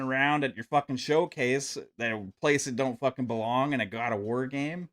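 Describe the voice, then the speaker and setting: A man's voice: medium pitch, moderate pace, few pauses, a bit bright. A man hosting a gaming podcast stream, ranting profanely and mocking with sarcasm. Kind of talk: ranting live stream commentary.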